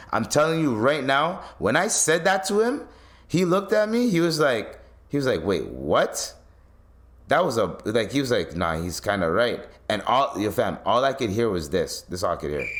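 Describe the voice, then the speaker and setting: A man from East Africa, hosting a podcast and telling stories in a profane, animated rant. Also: mid-range voice, moderate pace. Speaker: podcast host.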